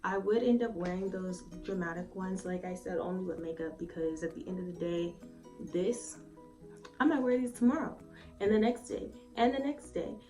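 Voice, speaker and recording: A woman's voice: fairly low pitch, moderate pace, warm tone. Chatty, foul-mouthed woman reviewing lashes. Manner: chatty, swears freely, lots of "like" and "um". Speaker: beauty vlogger. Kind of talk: casual try-on review. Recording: slightly distant mic with faint music.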